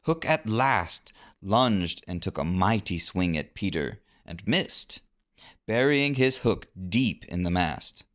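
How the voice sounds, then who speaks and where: A man reading a storybook adventure aloud at an unhurried pace. His pitch rises and falls a lot, and he gives the reading an expressive lift. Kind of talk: storybook narration.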